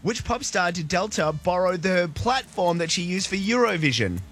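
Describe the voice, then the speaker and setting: A man with a croaky voice, hosting a radio quiz in a loud, upbeat, rapid-fire way. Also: high voice, expressive. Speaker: radio host.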